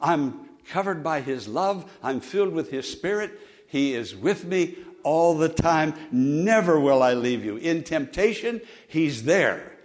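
Male pastor, sermon delivery, fairly high voice, loud emphatic peaks and quiet low asides, call-and-response with the congregation. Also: animated, unhurried.

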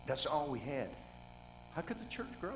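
A man's voice: on the high side, big pitch swings, moderate pace, background noise. A middle-aged man preaching a sermon in a folksy, conversational way, asking the congregation rhetorical questions.

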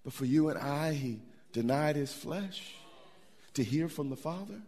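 A middle-aged man preaching a sermon, animated, with repetitions and asides to the congregation. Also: fairly high pitch, a little slow. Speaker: pastor.

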